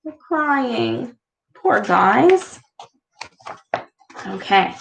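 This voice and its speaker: A woman reading a picture book aloud to her child, gently pausing to ask questions about the pictures. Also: a little high, big pitch swings, vocal fry, a little hiss or hum.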